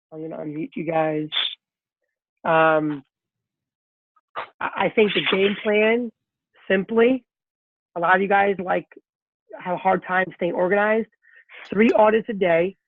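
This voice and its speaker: A man's voice: sits high, no room sound. A man as a sales coach leading a group conference call, giving a direct, repetitive pep talk. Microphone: conference call line. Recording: tinny phone-line call audio.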